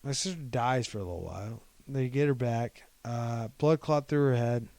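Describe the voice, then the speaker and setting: Chatting casually as a podcast co-host, a young man from Ohio spins out a long, rambling personal story, repeating what others said. His mid-range voice has a darkish tone and a normal speed, with no room sound.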